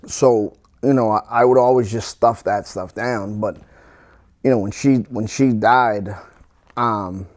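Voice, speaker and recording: A middle-aged man, a podcast guest, telling a painful personal story in a halting way, full of restarts and fillers. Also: on the low side, steady tone.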